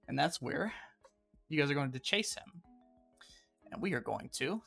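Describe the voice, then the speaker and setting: A man's voice: mid-range voice, animated, a little slow, gravelly, long pauses, pushed and bright, soft background music. A man narrating as game master of a tabletop game, swearing casually and laughing between lines.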